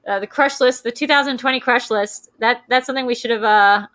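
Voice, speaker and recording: A woman's voice: a little high, fairly quick, a bit bright. A woman from the US East Coast hosting a casual live-stream chat, rambling and self-deprecating as she reads the chat aloud. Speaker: host.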